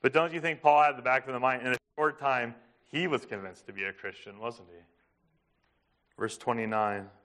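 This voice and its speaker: A man preaching a sermon, emphatic, asking his listeners questions and slowing down to stress a point. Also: medium pitch, a bit bright. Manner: emphatic, asks the congregation questions. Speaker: pastor.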